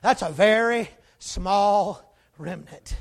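A preacher with an unusually high voice delivering a sermon. He is folksy and emphatic, with joking asides, and often swells to shouting. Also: takes it slowly, gravelly.

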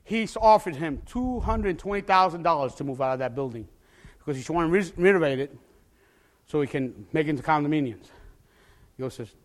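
High, lively, fiery preaching man. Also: fairly quick. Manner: impassioned, bursts into shouting; repeats words while starting phrases. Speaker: pastor. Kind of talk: preaching testimony.

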